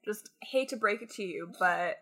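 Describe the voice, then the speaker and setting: Bright young woman, teasing banter. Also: mid-range voice, normal speed. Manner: teasing, playful banter with laughter. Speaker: podcast co-host. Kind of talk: casual chat.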